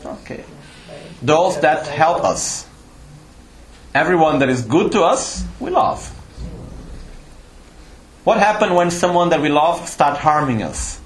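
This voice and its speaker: This man's voice sits on the high side; he is animated but slow, leaving long pauses as he gives a Buddhist teaching to a live audience in a retreat teaching hall. He explains patiently, checks in with questions, and uses slightly non-native phrasing. The roomy hall carries faint ambience and slight background noise.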